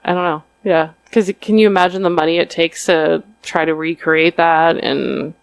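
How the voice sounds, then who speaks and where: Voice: mid-range voice, fairly even intonation, normal speed, vocal fry, clear, resonant tone, dry recording. A podcast co-host in casual chat, who laughs often and answers in short agreeing replies.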